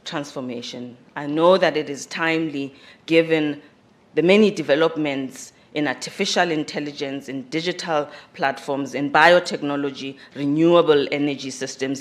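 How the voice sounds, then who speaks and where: Halting conference speaker with a squeaky voice. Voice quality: self-described squeaky voice. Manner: halting, with frequent fillers and repeated words; rises in pitch and volume on emphasized phrases. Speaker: conference host speaking for the organizers. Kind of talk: formal welcome address. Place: university conference hall.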